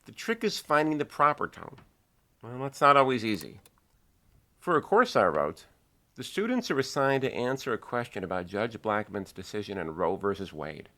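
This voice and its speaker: Lively-voiced man teaching writing. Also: on the low side. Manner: measured, earnest, explanatory. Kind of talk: instructional video lesson.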